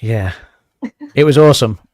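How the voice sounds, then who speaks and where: A man's voice: mid-range voice, expressive, moderate pace, a little mellow, dry recording, studio quality. A man joining a casual livestream as a guest, easygoing and laughing along. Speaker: guest co-streamer.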